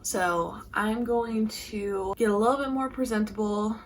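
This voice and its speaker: A woman's voice: medium pitch, fairly even intonation, measured pace, roomy sound, slight background noise. A woman vlogging casually about a book she is reading, chatty and gushing, often saying "like". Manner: gushing and chatty, frequent "like" fillers. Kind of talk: casual reading vlog chat.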